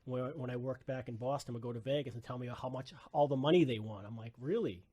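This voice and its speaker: A man's voice: medium pitch, fairly even intonation, quick pace, dark tone. Casual male radio host. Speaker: radio host, financial advisor. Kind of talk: radio interview.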